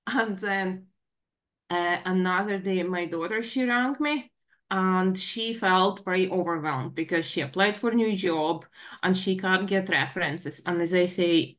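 A woman in her forties speaking on a video call, telling a personal story in an earnest, emotionally raw way, halting and full of "you know, like" fillers. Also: on the low side, fairly bright tone. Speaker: participant asking in a live Q&A.

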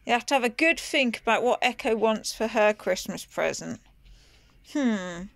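Mother, gentle and playful, higher pitch, dry close sound. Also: lively intonation, moderate pace, vocal fry, no echo. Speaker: mother filming with her daughter. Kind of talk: casual bedtime chat with a small child.

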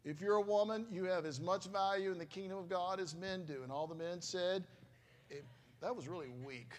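High-voiced man preaching a sermon. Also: brisk. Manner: conversational, emotional storytelling with exclamations. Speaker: pastor.

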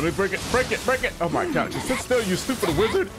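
A man giving excitable, slangy commentary while playing a video game, yelling and calling everyone bro. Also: high voice, fast talker, hardly any pauses. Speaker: gaming streamer. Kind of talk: gameplay commentary. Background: game music.

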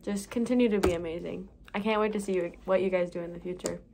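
A woman's voice: on the low side, steady tone, fast, background noise. A young woman in her late teens, a graduating theater student, giving a rambling, emotional farewell vlog message.

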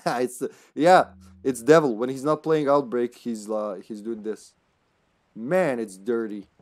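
A man's voice: medium pitch, unhurried, a little mellow. Chatty man streaming a game. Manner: chatty and jokey, often laughing, greeting chat. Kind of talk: live gameplay commentary.

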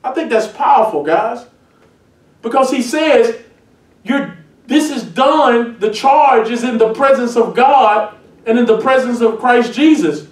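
A man preaching a sermon as a pastor, emphatic and building to shouted points. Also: very high voice, normal speed. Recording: echoey church heard from a distance.

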